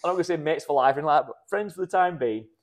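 Male podcast co-host, rapid delivery, slightly raised pitch, storyteller. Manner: fast-talking storyteller, gives friendly advice. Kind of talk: casual podcast chat.

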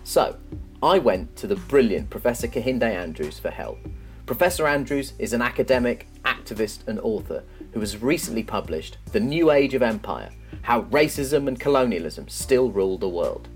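A man's voice: mid-range voice, animated, moderate pace. Male podcast host, wry and self-deprecating, faint guitar music behind. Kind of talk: scripted narration and interview.

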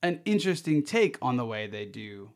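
A man's voice: mid-range voice, very animated, moderate pace. A man co-hosting a casual podcast, laid-back and drawling, often trailing off. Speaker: podcast co-host.

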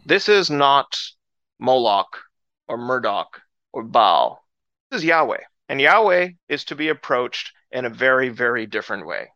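Male Bible teacher, bright dry close voice, animated storyteller acting out characters. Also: unhurried, no echo, lo-fi sound. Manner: animated storytelling, acts out characters with rising pitch.

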